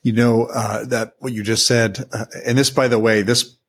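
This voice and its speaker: A man's voice: medium pitch, level tone, normal speed, husky. A man hosting an interview, talking enthusiastically and telling stories in long rambling sentences. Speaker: podcast host, former seminary teacher. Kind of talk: interview talk.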